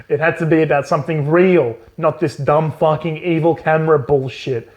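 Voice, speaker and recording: A man's voice: fairly high pitch, fairly even intonation, unhurried. A man co-hosting a podcast, giving a sarcastic, profane recap of a book and laughing often at the plot. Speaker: podcast co-host. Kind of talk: comedic book recap chat.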